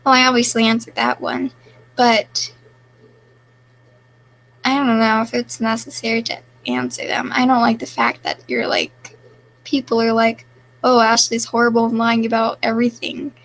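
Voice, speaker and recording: A woman's voice: on the high side, level tone, normal speed, long pauses, a bit bright, poor audio. A young woman casually chatting on a live stream, reading viewer questions aloud and answering them offhandedly.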